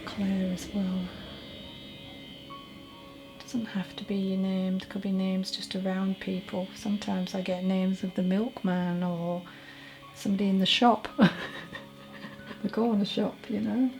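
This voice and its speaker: A woman reading as a medium, speaking slowly with a gravelly edge to her mellow voice. She talks in a halting, chatty way and keeps correcting herself. Faint music plays behind her. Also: mid-range voice, flat delivery, low-quality recording. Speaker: psychic medium.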